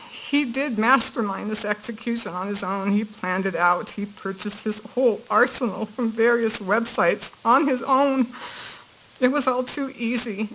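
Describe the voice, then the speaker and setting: A woman's voice: mid-range voice, a bit bright, slight background noise, rough recording. Earnest middle-aged woman reading a court statement. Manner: earnest, measured, grief held back. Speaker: victim's aunt giving a statement.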